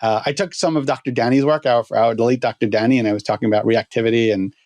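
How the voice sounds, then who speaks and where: A man telling a story as a guest on a podcast, halting with many restarts. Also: mid-range voice, steady tone, darkish tone, no room sound.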